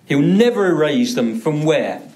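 A man's voice: on the high side, lively intonation, a little slow, a little mellow. A male pastor preaching a sermon, driving points home by repeating words for emphasis. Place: church.

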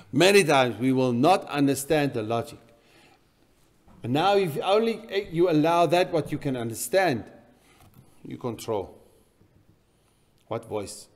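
A man preaching a sermon in a church, swinging between loud emphatic bursts and quiet, intense passages. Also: fairly high pitch. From South Africa. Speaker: pastor.

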